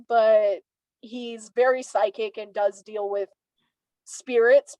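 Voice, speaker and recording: A woman in her twenties, a tarot reader, telling stories as an interview guest in a chatty, animated way with many "like" fillers. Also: medium pitch, no echo, low-quality recording. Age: 20s. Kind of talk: casual interview storytelling.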